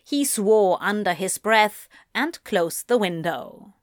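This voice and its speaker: Woman narrator, measured storytelling, slow unhurried pace, dry close sound. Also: mid-range voice, animated, dry recording. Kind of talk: audiobook fan fiction reading.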